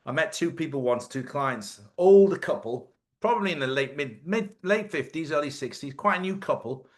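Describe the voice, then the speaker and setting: A man's voice: fairly high pitch, lively intonation, normal speed. A man hosting a casual live-stream chat. He jokes, laughs often and swears freely. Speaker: host.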